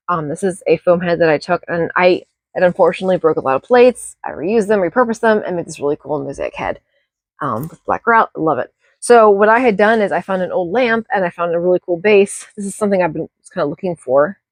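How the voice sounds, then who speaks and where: A woman's voice: on the low side, dry recording. A woman casually rambling through a show-and-tell of her thrift finds at home, self-deprecating and restarting often. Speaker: thrift haul vlogger.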